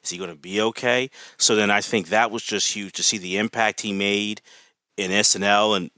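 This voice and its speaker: An enthusiastic man chats as a podcast guest, rambling through his points with plenty of fillers. His voice sits a little low but sounds bright and forceful. The sound is close and dry, with no room around it. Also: steady tone, normal speed, no echo. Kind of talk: casual podcast chat.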